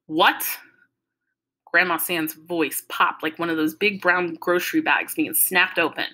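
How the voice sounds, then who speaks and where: A woman reading a novel aloud in an expressive, lively storytelling manner. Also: lowish voice, normal speed, rough recording. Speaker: audiobook reader.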